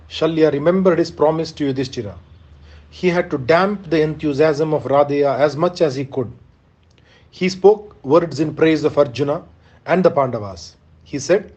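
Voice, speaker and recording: A man narrating an ancient epic, reading in a measured, solemn way. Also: a little high, a little mellow, breathy edge, highs cut off. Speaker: reader.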